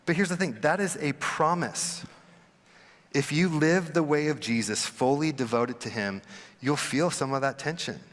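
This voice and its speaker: A young adult man, a pastor giving a conversational sermon, who acts out quoted people with sudden jumps in pitch. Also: measured pace, fairly bright tone. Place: church sanctuary. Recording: long hall reverb.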